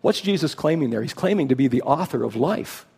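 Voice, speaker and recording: A man's voice: medium pitch, animated, fairly quick, gravelly, darkish tone, breathy edge. A man preaching a sermon, emphatic, rising to stress his key points. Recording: long hall reverb.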